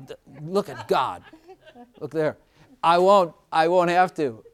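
A man gives an informal, chatty sermon, laughing often and slowing down to emphasize lines of scripture. His voice is a little high, with lively intonation.

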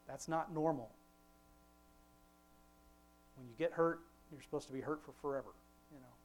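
His pitch on the high side, a father rambles through an informal devotion with his family, frequently starting over and deliberately slowing for emphatic scripture readings. A little hiss or hum can be heard.

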